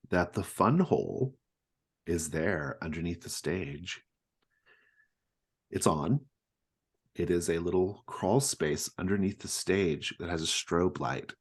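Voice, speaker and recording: A man's voice: low-pitched, husky. A man narrating as game master of a tabletop horror game, loose and laughing. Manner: lively, loose, laughing, puts on character voices.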